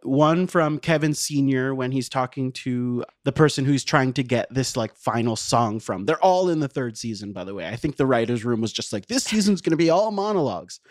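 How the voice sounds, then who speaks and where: A man's voice: medium pitch, normal speed, hardly any pauses, no room sound, clean studio sound. A man guesting on a podcast, talking in a thoughtful, explanatory way. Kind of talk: casual chat.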